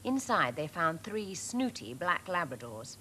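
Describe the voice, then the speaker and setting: A woman reading a children's story aloud, with an expressive, animated storytelling delivery. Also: on the low side, a little slow, slight background noise.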